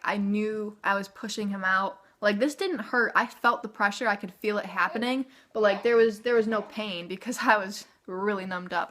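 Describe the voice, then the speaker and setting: Young woman vlogging at home, bright clear voice, super chatty, says like and okay a lot. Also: medium pitch. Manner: chatty, frequent "like" and "okay?" tag questions. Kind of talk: casual storytelling to camera.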